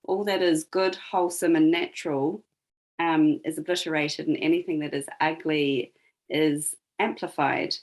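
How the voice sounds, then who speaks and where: Low-voiced woman retelling a story. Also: fairly even intonation, moderate pace, poor audio. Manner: reflective, retells a story with emphasis. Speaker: guest. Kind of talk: conversational podcast storytelling.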